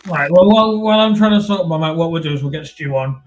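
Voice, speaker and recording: A man's voice: fairly high pitch, quick pace. A man hosting a live podcast, chatting casually while bringing guests on, with faint music behind. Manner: chatty, loose, organizing guests. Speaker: podcast host. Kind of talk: casual live-stream chat.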